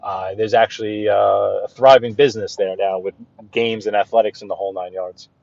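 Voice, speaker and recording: A man's voice: on the low side, steady tone, a little fast, a little mellow, no echo. A man with a Brooklyn accent, hosting a casual live stream from his car and rambling to viewers and a guest. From Brooklyn, New York. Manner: rambling, chatty, answers viewers' comments. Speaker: livestream host. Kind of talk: casual live-stream chat while driving. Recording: dull, dry lo-fi sound.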